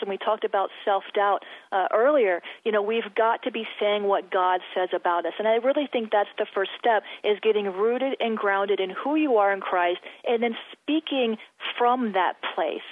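A woman's voice: medium pitch, no room sound. A middle-aged woman speaking as a guest in a Christian faith interview, earnest and repeating words as she starts. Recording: tinny phone-line sound.

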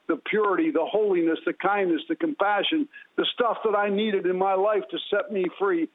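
A man giving an impassioned, preacherly testimony and leading a prayer as a guest. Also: sits high. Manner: impassioned, preacherly, repetitive phrasing. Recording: tinny phone line.

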